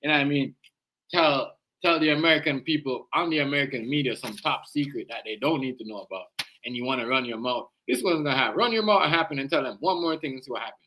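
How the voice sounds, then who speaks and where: A man with a Jamaican accent hosts a livestream, offering casual reaction commentary in a slangy, emphatic style and returning again and again to "you know what I mean". His mid-range voice moves at a quick pace with a sharp tone, over slight background noise.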